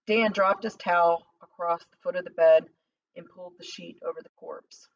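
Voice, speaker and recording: A woman narrating a novel as an audiobook, in a measured, dramatic reading. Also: fairly low pitch, fairly even intonation, gravelly. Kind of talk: scripted narration. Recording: slightly distant dull lo-fi recording.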